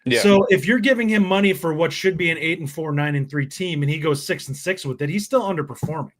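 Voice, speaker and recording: A man's voice: on the high side, quick pace. A man co-hosting a sports podcast, talking casually and animatedly. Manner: animated, mimics voices in quoted asides. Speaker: podcast co-host.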